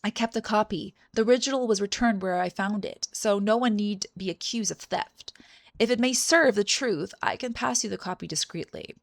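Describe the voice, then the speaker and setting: A woman reading the lines of a calm, formal male village priest aloud while playing a game, in a measured, courteous way. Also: medium pitch, creaky, dry recording, close to an everyday voice.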